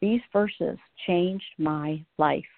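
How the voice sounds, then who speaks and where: A heartfelt woman in her late fifties tells her own story as a show guest, her voice sitting a little low. She comes through a thin, tinny phone line with a close, dry sound. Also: moderate pace, no room sound. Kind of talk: reading her personal story aloud, then chatting.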